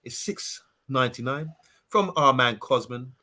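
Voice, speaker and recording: A man hosting a live stream, chatty, reading viewer messages aloud and trailing off softly. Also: mid-range voice, unhurried. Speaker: stream host reading chat.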